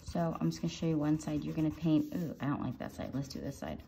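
Woman, low mellow voice, gentle step-by-step drawing tutorial. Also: quick pace, creaky, slight background noise. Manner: gentle, step-by-step instructing while coloring. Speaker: art teacher.

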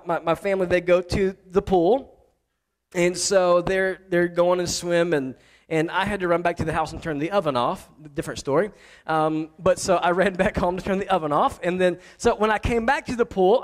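A man in his thirties with a high-pitched voice preaches a sermon built on stories about his family. He talks loosely and conversationally, teasing himself and slipping into quoted dialogue. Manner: conversational and self-mocking, acting out family dialogue. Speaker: pastor. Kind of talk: storytelling sermon.

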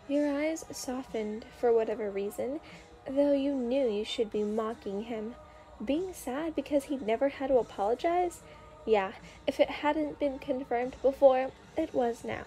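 A woman narrating a story in a gentle, unhurried ASMR reading. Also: sits high. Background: faint music.

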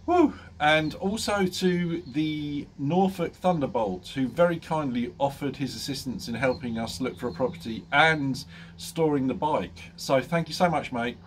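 A man's voice: a little high, normal speed, a little hiss or hum. A man vlogging casually, telling a funny story with lots of ums and laughing often. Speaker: motorcycle vlogger.

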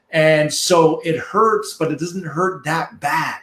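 A man's voice: fairly high pitch, fairly even intonation, a little slow, few pauses, fairly bright tone, echoey room. A man coaching listeners in a punchy, preachy motivational monologue, repeating phrases for emphasis. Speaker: marketing coach.

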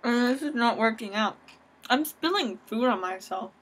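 A woman's voice: on the high side, lively intonation, normal speed, a bit bright, husky. Sarcastic young woman ranting on webcam. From Southern California. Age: young adult. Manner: sarcastic, ranting, self-deprecating. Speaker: vlogger. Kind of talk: casual webcam rant.

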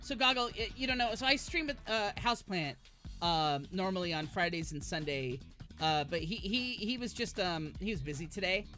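A woman's voice: on the low side, moderate pace, sharp tone, faint music behind. A woman streamer giving live gameplay commentary, who swears and shrieks when she fails and chats in a rambling way with her viewers.

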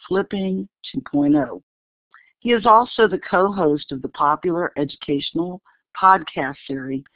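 A hoarse woman from New Orleans with a scratchy voice, reading out guest introductions as a webinar co-host. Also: sits low, no room sound. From New Orleans, Louisiana. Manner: reads a long list of awards. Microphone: online webinar call audio. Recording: tinny phone-like webinar audio, dry.

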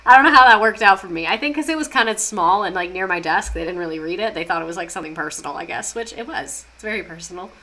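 A woman's voice: lowish voice, lively intonation, fast talker, few pauses, sharp tone. A young woman streaming a casual history lesson, chatty and sarcastic, reading chat aloud as she goes.

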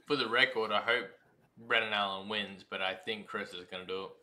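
A man joins a casual podcast watch-along and offers relaxed, wry predictions. His voice is low but has a strongly bright, forceful edge. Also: fairly quick.

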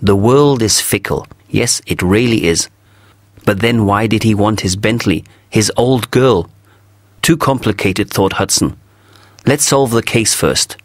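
A man reading a story aloud for English learners, steady and clear. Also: fairly low pitch, a little slow, no echo, clean studio sound. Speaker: narrator.

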